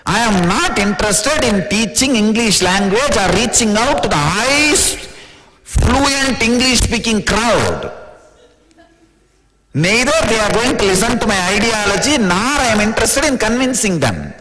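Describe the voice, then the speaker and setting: A spiritual teacher from India with an Indian accent, giving an informal, playful, teasing discourse in plain words. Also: male voice, sits high, lively intonation, measured pace, noisy background. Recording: long reverb of a large hall.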